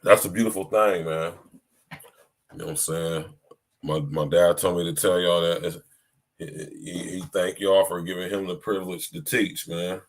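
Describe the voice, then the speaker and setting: Deep-voiced man preaching on a podcast. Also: flat delivery, moderate pace. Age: 30s. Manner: preachy, repeats "you hear me" and "man". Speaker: podcast host. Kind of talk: casual live-stream monologue.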